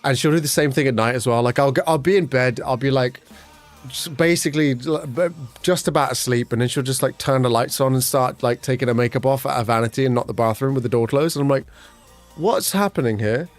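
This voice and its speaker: A young man chatting casually with his livestream chat, talking fast and swearing, with his pitch jumping up whenever he quotes someone. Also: steady tone, faint music behind. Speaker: streamer.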